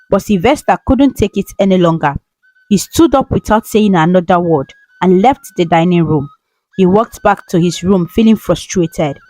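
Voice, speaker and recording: A woman reading a scripted story in a steady, even narration. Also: on the low side, dry recording, poor audio.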